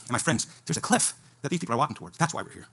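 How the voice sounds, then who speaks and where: A man giving a fervent debate speech to an audience at a live event, preaching in rapid-fire bursts. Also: medium pitch, very animated, bright, forceful tone.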